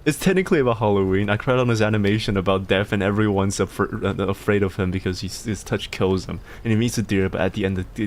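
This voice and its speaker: A man streaming live, reading viewer submissions, excitable, swearing often and stammering over repeated words. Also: lowish voice, fast, few pauses. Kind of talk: casual live-stream chat.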